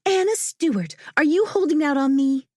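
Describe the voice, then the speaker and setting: A woman voicing a bubbly, impatient young mother who speaks in a much higher, brighter voice. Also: normal speed, dry recording, clean studio sound. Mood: eager. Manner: bubbly, excitable.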